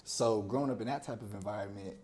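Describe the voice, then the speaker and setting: A young man, a podcast guest, telling stories from his childhood in a casual, animated way, acting out other people's voices and laughing often. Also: lowish voice, fast, slight background noise. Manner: animated storyteller who acts out friends' voices. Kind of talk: casual storytelling interview.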